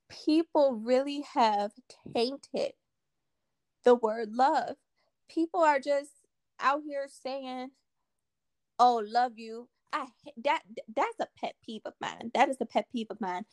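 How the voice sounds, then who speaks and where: A woman's voice: high-pitched, takes it slowly, darkish tone, dry recording. A woman hosting a podcast conversation, talking earnestly and repeating her key points for emphasis. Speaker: podcast host.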